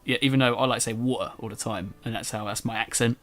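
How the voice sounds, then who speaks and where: Giggly young male gamer, mid pitch, excitable commentary. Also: quick pace. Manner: excitable and giggly, cooing at animals. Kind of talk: let's play commentary.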